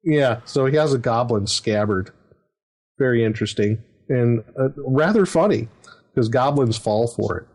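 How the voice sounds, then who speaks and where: A man's voice: medium pitch, lively intonation, normal speed, a little mellow. A middle-aged man hosting a podcast, rambling through a casual anecdote about running a tabletop game, with many fillers and chuckles. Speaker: podcast host and game master.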